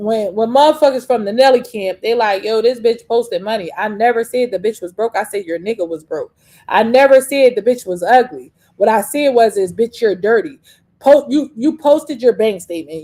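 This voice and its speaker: A woman's voice: on the high side, normal speed, warm tone. A young adult woman hosting a talk show, ranting in a profane, combative, rambling way with frequent restarts. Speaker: podcast host. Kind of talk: casual rant monologue.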